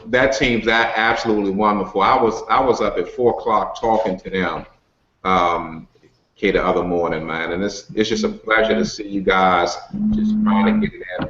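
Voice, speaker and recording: A man's voice: fairly low pitch, fairly bright tone, reverberant. Brief: a man as an upbeat network-marketing coach, folksy and chatty, dull lo-fi call audio. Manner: folksy and upbeat, many "you know" and "okay" fillers. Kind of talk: casual motivational group call. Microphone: video call.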